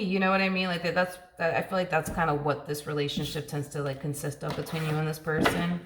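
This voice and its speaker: A woman's voice: deep voice, steady tone, a little fast, fairly bright tone, echoey room. A woman giving a casual tarot reading, chatty and repetitive, with plenty of filler words. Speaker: tarot reader.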